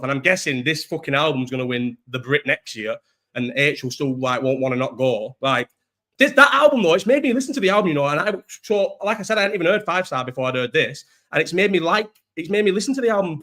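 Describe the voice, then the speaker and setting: Fast-talking Scouse man, rambling chat. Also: a little high, a bit bright. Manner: rambling, swears freely, restarts often. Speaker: live-stream host. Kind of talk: casual live-stream chat.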